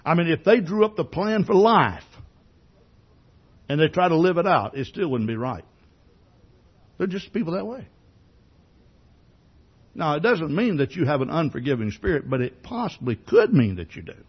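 A man preaching a sermon with a husky, slightly high voice whose pitch swings freely. He talks to the congregation conversationally, firing off rhetorical questions and stumbling over repeated words as he starts a sentence. The recording sounds dull and lo-fi. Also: very animated, moderate pace, long pauses. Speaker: pastor.

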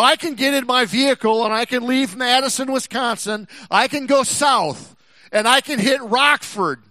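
A high-voiced man from Texas delivers a sermon at an unhurried pace. He preaches in a folksy, rambling way, circling back and restarting his sentences. The sound is dry and close. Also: bright, forceful tone, no echo. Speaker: pastor.

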